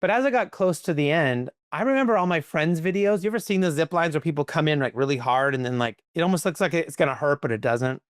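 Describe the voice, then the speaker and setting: Guy on a podcast telling a story, quick and animated, smooth clear voice, no room echo. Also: a little high, studio quality. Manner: animated, quick, peppered with "like" and "right?". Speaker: podcast guest, company leader. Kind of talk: conversational storytelling.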